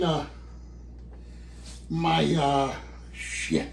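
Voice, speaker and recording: Slow-talking, profane man, somewhat breathless, muttering his way through a home cooking vlog with a faint hum behind him. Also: a little high, darkish tone. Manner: rambling, swears often, mutters to himself. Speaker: vlogger. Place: home kitchen.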